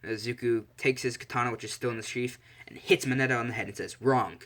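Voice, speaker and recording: A man's voice: mid-range voice, fairly even intonation, quick pace, fairly bright tone. Male storyteller, improvised and rambling, self-amused asides. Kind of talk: improvised casual story narration.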